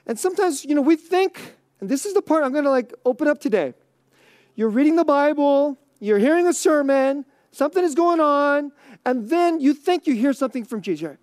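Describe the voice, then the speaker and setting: High-voiced chuckling male preacher. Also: animated, brisk, dry recording, clean studio sound. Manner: conversational, chuckling often, drops to a hush on key lines. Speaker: pastor. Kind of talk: sermon.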